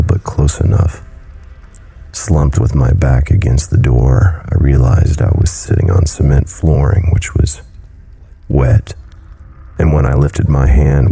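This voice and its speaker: Man, horror story narration, gravelly, husky, brooding. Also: extremely low pitch, mellow.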